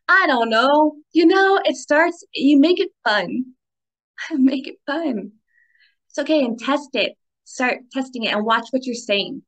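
A woman hosts a spiritual healing talk, speaking casually and affectionately to her listeners with encouraging asides and warm sign-offs. Her high, fairly bright voice is expressive and unhurried, and she laughs often and squeals when recounting happy moments.

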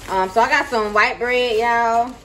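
A woman's voice: fairly high pitch, a little slow, fairly bright tone. A woman vlogging at home in her kitchen, chatting casually to her viewers and repeating points for emphasis. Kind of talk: casual chat to camera. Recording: noisy home recording.

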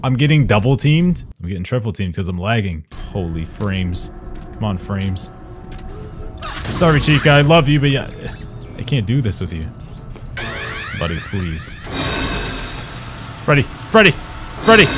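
A young man giving excitable let's-play commentary, swearing and yelling at the game as he plays. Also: lowish voice, moderate pace, long pauses. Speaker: gaming YouTuber. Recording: game music playing behind.

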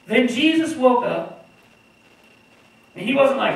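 A woman preaching a sermon, telling the story in an animated way and acting out the voices of the people in it. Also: high voice, slow pace, pauses often. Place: church hall. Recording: echoey room from far off, faint noise.

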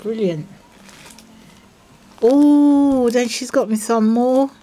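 A woman showing off craft mail from friends, gushing and excitable, with gasps and breathy whispered exclamations. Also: on the high side, drawn-out words. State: unwell. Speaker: craft vlogger opening mail from viewers. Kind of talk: casual unboxing vlog.

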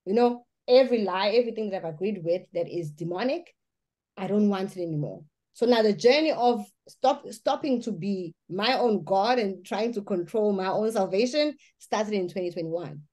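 Woman, personal testimony, earnest and emphatic, lots of restarts, mid-pitched voice. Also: lively intonation, normal speed, a little mellow. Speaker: guest giving a testimony.

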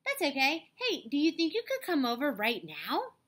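A woman lifts her voice into an excitable young doll girl who fears nothing. She sounds wide-eyed and eager, pitched well above the narration. Her tone is bright and animated. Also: normal speed, heavily acted. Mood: excited.

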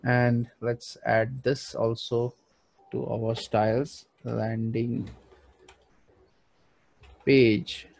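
A man's voice: medium pitch, flat delivery, very slow, creaky, long pauses, a little mellow. A man thinking aloud with frequent fillers as he narrates a screen-recorded design tutorial. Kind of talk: screen-recorded software walkthrough.

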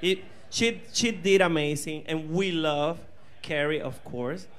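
A drag queen with a Puerto Rican accent, chatting on a bar stage and laughing through raunchy stories. His voice sits high and bright, and he talks slowly. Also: steady tone. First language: Spanish. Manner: laughing, playful, crude banter. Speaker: drag performer co-host. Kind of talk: casual panel chat. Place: bar viewing party before a live crowd.

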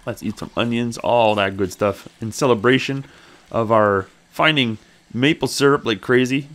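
A man hosting a let's play, chatting as he plays, thinking aloud and talking to his character, with sudden excited high exclamations. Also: moderate pace. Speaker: gaming channel host.

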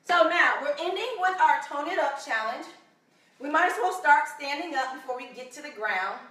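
A woman fitness instructor coaches a home workout with a bright, high voice, counting reps and cheering viewers on. She breathes hard at times, and her voice rings in an echoey room, picked up from well away from the mic. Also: animated, normal speed, distant mic. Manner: encouraging, counting reps aloud.

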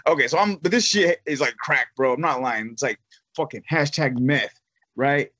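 A man's voice: medium pitch, normal speed, pushed and bright. A man, telling a rambling, profane story in casual chat with lots of fillers. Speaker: podcast host.

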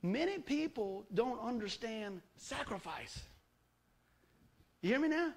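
A man's voice: very high voice, sing-song, slow, vocal fry. A middle-aged man preaching a sermon, folksy and emphatic, full of rhetorical questions to the congregation. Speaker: pastor.

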